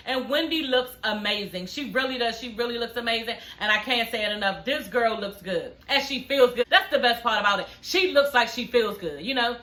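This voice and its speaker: A woman recapping a reality TV episode in casual, sassy talk, gossiping and swearing freely with drawn-out emphasis. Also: fairly high pitch, expressive, sharp tone, roomy sound.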